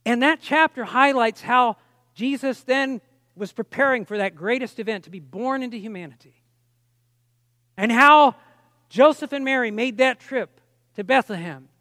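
A man's voice: very high voice, moderate pace, pushed and bright, no echo, clean studio sound. A man preaching a personal testimony sermon, telling the story with strong emotion and frequent restarts.

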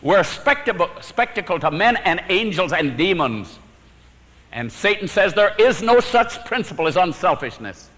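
A man preaching a sermon, telling his own story with sudden swings from emphatic to hushed and chuckling at his own jokes. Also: high-pitched, big pitch swings, normal speed, big-room sound, rough recording.

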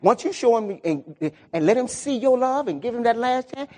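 A man's voice: very high-pitched, lively intonation, normal speed, dark tone. A middle-aged man preaching a sermon with emotion, repeating himself and building into exclamations. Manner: emotional, repetitive, rising into exclamations. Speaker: pastor.

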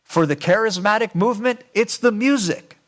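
A man's voice: high-pitched, normal speed. A man giving a sermon-style lecture, emphatic and asking his audience rhetorical questions. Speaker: speaker.

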